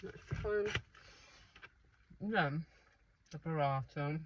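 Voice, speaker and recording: A woman eating snacks on camera and chatting casually, animated and swearing freely as she tells stories and mimics people. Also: low-pitched, drawn-out words. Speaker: food vlogger. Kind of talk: casual eating vlog with story time. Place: car. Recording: dull lo-fi sound, faint noise.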